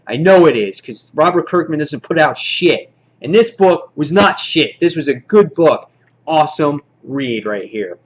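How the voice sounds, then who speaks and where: A man casually reviewing a comic book, rambling excitedly and acting out the characters' lines. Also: fairly high pitch, measured pace, dull audio.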